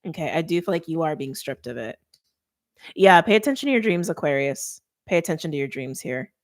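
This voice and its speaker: A woman giving a casual tarot reading straight to her viewers, chatty and informal, with quick laughs and lots of "like". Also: low-pitched, lively intonation. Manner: talks straight to viewers by sign. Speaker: tarot reader.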